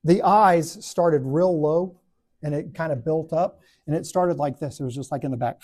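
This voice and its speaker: A man leads a Bible study and tells stories in an animated, joking way, slipping into other people's voices as he goes. His tone is dark and mellow. He talks to a live group in the room. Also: fairly high pitch, moderate pace. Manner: animated, acts out voices and laughs at own stories. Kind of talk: storytelling talk to a class.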